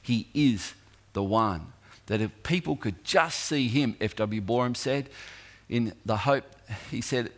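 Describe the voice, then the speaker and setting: Man preaching a storytelling sermon. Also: fairly low pitch. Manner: storytelling, rising in intensity with long pauses.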